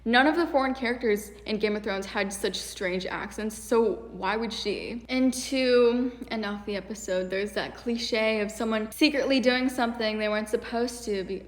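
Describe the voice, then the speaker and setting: A young woman YouTuber giving a casual critique in an animated, exasperated way, with many fillers. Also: a little high, normal speed, few pauses. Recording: echoey room with long reverb.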